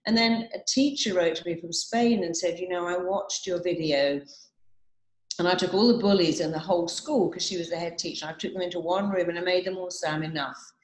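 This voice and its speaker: Low-voiced woman giving a motivational talk. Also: brisk, reverberant, low-quality recording. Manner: warm storytelling, quoting clients, repeating affirmations.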